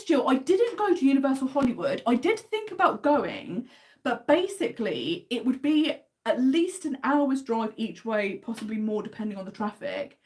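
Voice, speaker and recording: An English woman with an English accent, hosting a casual livestream and chatting enthusiastically while answering viewer comments. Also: a little high. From England. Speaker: livestream host.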